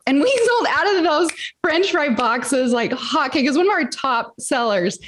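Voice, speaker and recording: A woman's voice: high voice, expressive, normal speed. A middle-aged woman, a guest on a podcast, telling her story with energy and acting out the dialogue. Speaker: interview guest, entrepreneur. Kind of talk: casual podcast interview.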